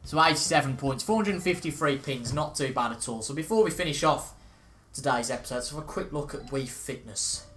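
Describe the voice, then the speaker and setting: Faint music plays behind this young gaming host as he reacts aloud to his game with chatty, self-deprecating commentary. His medium-pitched voice is animated, a bit bright, and a little fast.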